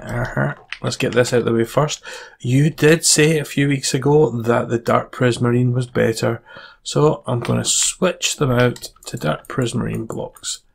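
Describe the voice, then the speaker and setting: Male gaming host, gravelly mid-pitched voice, loose casual commentary that stumbles and restarts. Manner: rambling, stumbling over words.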